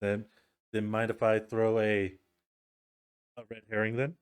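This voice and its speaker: A man's voice: on the low side, little pitch movement, a little slow, clear, resonant tone. A man playing in a tabletop game, chatting casually and playfully as a player. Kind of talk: tabletop role-play chat.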